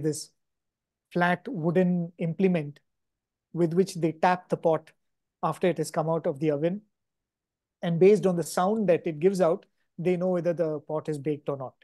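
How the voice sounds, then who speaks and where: A man giving a devotional talk at a spiritual gathering, telling a story at an unhurried pace with frequent pauses and self-corrections. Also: high voice, warm tone, no echo. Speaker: guest speaker at a spiritual gathering.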